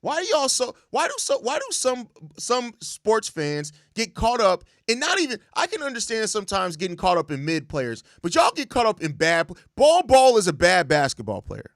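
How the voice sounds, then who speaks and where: A man's voice: high voice, wildly swooping pitch, moderate pace, hardly any pauses, dry recording, clean studio sound. A young man hosting a sports show, ranting in exasperated, profane casual commentary and repeating himself. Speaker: sports podcast host.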